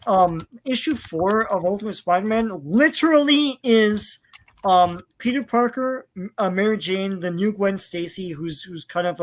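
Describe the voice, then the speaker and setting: A man co-hosting a casual podcast, opinionated and rambling with many fillers, swearing in his rants. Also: high voice. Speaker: podcast co-host. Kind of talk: casual chat.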